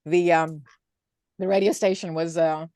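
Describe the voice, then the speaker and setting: English woman, 50s, low-ish voice, chatty and laughy, lots of restarts, dry close sound. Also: measured pace, no room sound. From England. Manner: animated, laughing often, trailing restarts. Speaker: guest, former radio presenter. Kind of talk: casual interview chat.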